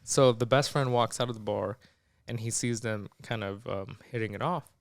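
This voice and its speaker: A man's voice: fairly low pitch, moderate pace, gravelly, no echo, clean studio sound. A young man co-hosting a podcast, casually retelling a movie plot and quoting the characters with "he's like" and "she's like". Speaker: podcast co-host. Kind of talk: casual storytelling chat.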